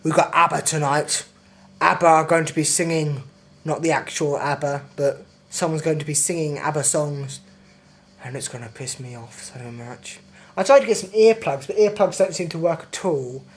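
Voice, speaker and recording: A man's voice: fairly high pitch, moderate pace. A young man ranting in a sweary, indignant video diary with exaggerated complaints. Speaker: vlogger.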